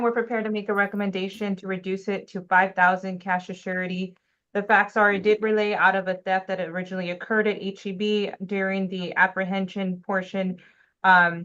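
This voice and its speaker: A woman speaking as prosecutor in a courtroom, formal and measured. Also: medium pitch, fairly bright tone. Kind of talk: courtroom recommendation. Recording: dull lo-fi courtroom audio.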